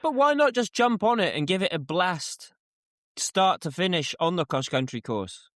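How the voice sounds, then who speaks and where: A man's voice: high voice, expressive, normal speed, a bit bright, no room sound, clean studio sound. A man co-hosting a casual podcast chat, joking and acting out quoted outbursts. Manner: playful, jokey, dramatic quoted outbursts. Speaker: podcast co-host.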